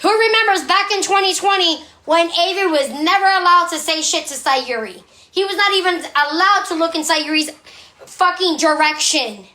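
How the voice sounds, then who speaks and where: A woman's voice: very high voice, moderate pace, sharp tone. A woman livestreaming a defensive, profane rant at her commenters, firing rhetorical questions and barking commands at her dog.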